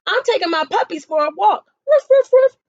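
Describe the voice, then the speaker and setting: A woman's voice: very high-pitched, animated, normal speed, darkish tone, no echo, dull audio, pitched above the performer's own voice. A woman voicing a cheerful mother dog in a storybook, barking woofs between her words. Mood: busy, cheery.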